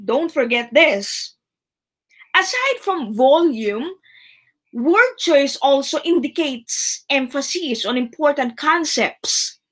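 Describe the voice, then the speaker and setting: A woman teaches a recorded lesson in a high voice. She speaks slowly and deliberately, pausing to repeat the keywords for her students. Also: expressive, low-quality recording. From Philippines.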